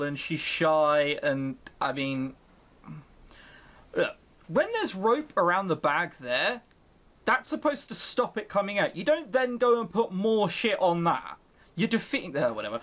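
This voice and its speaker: Young streamer, lively swooping pitch, sarcastic game commentary, close mic. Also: moderate pace. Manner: sarcastic, mocking, chatty. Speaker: let's-play host. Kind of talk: game commentary, reading a visual novel aloud. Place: home room on webcam. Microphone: close desk mic.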